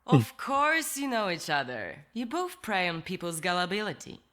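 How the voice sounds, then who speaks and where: An actress playing a sarcastic, skeptical academic in a story game, with a dry, mocking delivery. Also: female voice, fairly low pitch, very animated, normal speed, a bit bright.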